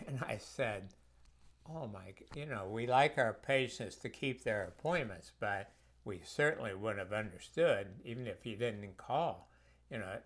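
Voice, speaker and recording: A man's voice: fairly low pitch, expressive, moderate pace, a bit bright. A man who works as a health practitioner, telling reflective personal stories in a conversational way for a course video.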